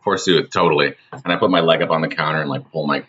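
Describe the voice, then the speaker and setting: A man's voice: very deep voice, steady tone, fast talker, dull audio, crowd noise. A man co-hosting a comedy podcast, chatting casually and rambling with plenty of "like". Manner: rambling, full of "like". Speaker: podcast co-host.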